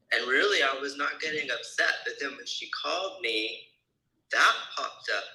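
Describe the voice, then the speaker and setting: A man's voice: mid-range voice, moderate pace, reverberant, rough recording. A man joining a casual spiritual discussion, talking earnestly and with animation. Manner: earnest and animated, retells talks. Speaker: participant in live session.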